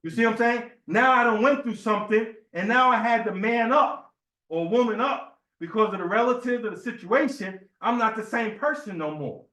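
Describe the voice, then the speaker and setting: High-voiced man preaching in an echoey hall. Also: moderate pace, bright, forceful tone. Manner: conversational, storytelling, asks the room "right?". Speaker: temple speaker. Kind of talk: informal sermon talk. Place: temple meeting hall.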